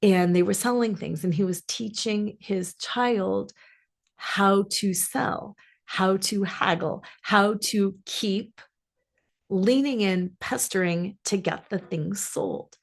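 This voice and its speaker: A woman's voice: mid-range voice, slow pace, creaky. Female coach-host type, reflective storyteller, earnest and musing, mid-range voice. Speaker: life coach and podcast host.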